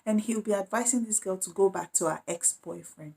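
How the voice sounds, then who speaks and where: Animated woman telling a story. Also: mid-range voice, fairly quick, vocal fry. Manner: animated, acts out quoted voices. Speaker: vlogger. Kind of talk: casual storytime.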